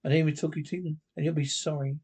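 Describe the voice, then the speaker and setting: A woman's voice: low-pitched, level tone, fast, warm tone, slightly rough. A woman voicing a talking girl doll that turns from sweet to threatening, in a sing-song recorded voice, in a classic television drama. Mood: menacing.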